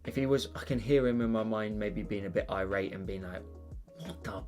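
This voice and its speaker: A man's voice: on the low side, brisk, a little mellow, faint music behind. A British man hosting an art channel, chatting casually on a live stream while he draws, rambling with lots of fillers and restarts.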